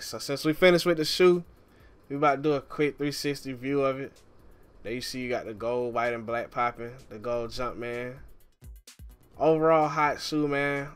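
Man, mid pitch, smooth clear voice, casual game tutorial voice-over, faint music underneath. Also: moderate pace. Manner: relaxed, chatty, calls the viewer "man". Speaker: gaming YouTuber.

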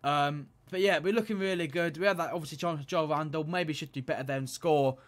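Excitable high-voiced gamer. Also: male voice, fairly quick. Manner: excitable, shouts at the referee. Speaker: gaming YouTuber. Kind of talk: live football game commentary.

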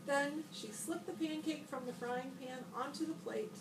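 A woman with a high voice reads a picture book aloud to children, lifting her voice brightly for the boy's shouted lines. She sits a little away from the mic. The room is echoey, with steady noise behind her. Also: measured pace, far from the mic. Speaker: school librarian.

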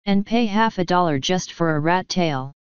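A woman's voice: on the low side, animated, moderate pace, smooth, no room sound, lo-fi sound, natural voice. A woman voicing an earnest, cautious young boy in an audiobook, hesitant and worried. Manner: hesitant, worried, plain-spoken. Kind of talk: audiobook character voice.

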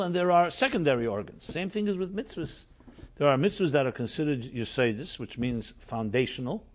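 A middle-aged man, a rabbi, giving a Torah class, telling a story with emphatic rises and animated delivery. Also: a little high.

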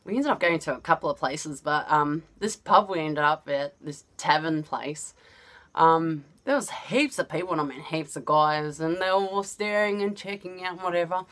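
A woman's voice: low-pitched, moderate pace, fairly bright tone. A woman with an Australian accent casually telling a personal story, chatty and often laughing as she goes. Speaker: vlogger.

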